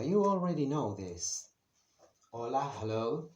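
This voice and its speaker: With a medium-pitched, animated voice, a male teacher works through a beginner Spanish lesson at a whiteboard. The room is roomy and echoing, and his delivery is slow and patient, with plenty of pauses and fillers.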